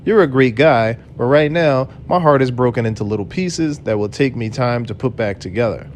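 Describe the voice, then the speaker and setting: A man's voice: medium pitch, moderate pace, slight background noise, close to an everyday voice. A man reading as an upset, moody young woman.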